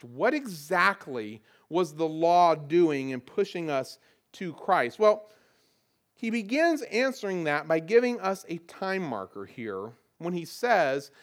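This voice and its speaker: High-voiced Southern pastor preaching. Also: male voice. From Southern United States. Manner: conversational, repeats words as he restarts phrases. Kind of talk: sermon.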